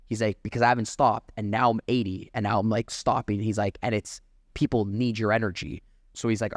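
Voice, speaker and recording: A man, a sales trainer, talking fast and energetically in a casual podcast chat, full of "like" and restarts. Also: fairly low pitch, steady tone, no echo, clean studio sound.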